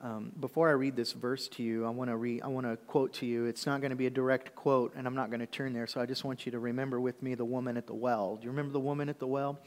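A man's voice: medium pitch, flat delivery, fast, hardly any pauses. A man preaching a sermon as pastor, talking conversationally and checking in with the congregation often. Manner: conversational preaching with frequent "okay?" check-ins. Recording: long hall reverb.

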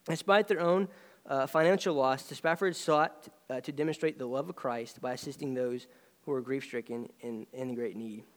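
A man preaching a sermon, earnest and emphatic, swinging between raised lines and quiet ones. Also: medium pitch, normal speed, in a large hall. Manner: earnest, rising and dropping emphasis.

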